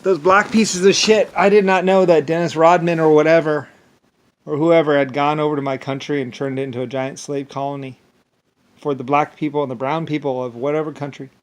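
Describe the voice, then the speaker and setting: A man's voice: fairly high pitch, little pitch movement, brisk. A man in a rambling, angry monologue that keeps repeating itself and often stumbles over restarts. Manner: angry, repetitive ranting with profanity.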